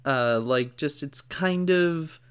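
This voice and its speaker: A man's voice: a little high, takes it slowly, smooth. Tired, rambling male podcast co-host. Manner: rambling, tired, filler-heavy. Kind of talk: casual chat.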